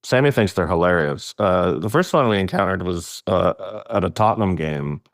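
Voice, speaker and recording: Animated, low-voiced middle-aged man storyteller. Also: moderate pace, dry recording, studio quality. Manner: animated storyteller, laughs often, voice jumps up for emphasis. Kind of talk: casual conversation.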